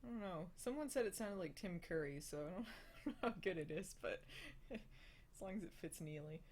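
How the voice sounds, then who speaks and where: A woman's voice: on the low side, lively intonation, moderate pace, a little mellow, a little hiss or hum. A young adult woman hosting a casual live stream, answering viewer questions with frequent laughs, fillers and restarts. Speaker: host of a live hangout.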